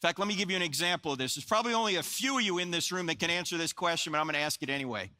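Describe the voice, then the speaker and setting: Rapid-fire and fairly high-pitched, a 60-something Christian apologetics speaker from New Jersey, USA, entertains a live hall audience with stories, joking asides and acted-out dialogue. Long hall reverb colors the recording.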